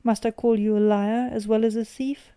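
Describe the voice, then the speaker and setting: A woman voicing an older male banker who shouts furious accusations at his son. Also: on the high side, flat delivery, normal speed, no room sound, close to an everyday voice.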